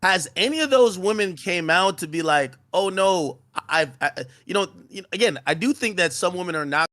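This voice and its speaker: A man's voice: high voice, animated, brisk, pushed and bright. A man interviewing a guest on a casual stream, stammering through his questions with many restarts.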